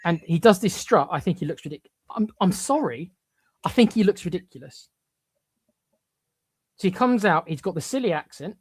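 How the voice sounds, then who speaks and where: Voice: medium pitch, lively intonation, fairly quick, husky. Blunt, opinionated wrestling podcast co-host. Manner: blunt, emphatic, stutters into repeated restarts.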